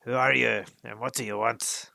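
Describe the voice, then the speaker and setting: A huge, gruff bearded giant, as a man puts him on, booming out his words at a loud, forceful level. The voice is gravelly and close. It fits a storybook read-aloud. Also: animated, a little slow, no room sound, exaggerated voice.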